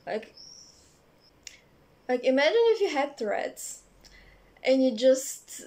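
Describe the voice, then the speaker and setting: A young woman telling a personal story in a casual, rambling way, swearing freely and filling pauses with "uh" and "like". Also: sits high, lively intonation, darkish tone. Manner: rambling, profane, many fillers. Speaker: vlogger.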